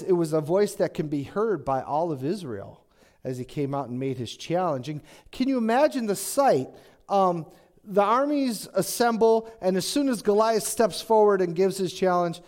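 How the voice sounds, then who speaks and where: Animated male pastor preaching. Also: high-pitched, normal speed. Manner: animated, conversational storytelling. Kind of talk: sermon.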